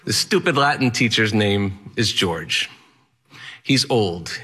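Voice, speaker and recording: A man's voice: on the low side, expressive, takes it slowly, bright, forceful tone, breathy edge. A man telling a personal story in the first person, in an earnest, plainspoken and wry way.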